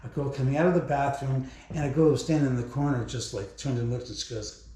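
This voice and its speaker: A man's voice: mid-range voice, fast talker, mellow. A man giving a haunted house tour, telling stories casually in a rambling, profane way with chuckles between them, inside a bedroom of a large house. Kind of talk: casual storytelling. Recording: very echoey room.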